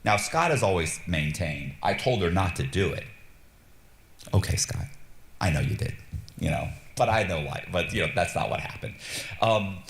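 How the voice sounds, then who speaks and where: A man streaming a casual story, animated and blunt, swearing freely and acting out the dialogue. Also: deep voice, normal speed, creaky, echoey room. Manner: animated, acts out quoted dialogue, frequent restarts. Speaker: streamer telling stories.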